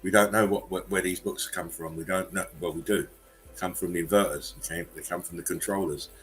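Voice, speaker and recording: A man with a low, bright and forceful voice hosts a casual livestream, joking crudely and breaking into laughter and coughs. Faint music plays behind him. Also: steady tone, a little fast, low-quality recording. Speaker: livestream host. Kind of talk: casual chat.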